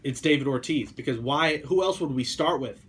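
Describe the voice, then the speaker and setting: A young man hosting a sports radio show, delivering an emphatic rant that piles up points in rapid lists. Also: mid-range voice, a bit bright, slight background noise. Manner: emphatic, repetitive build-ups. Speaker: radio host.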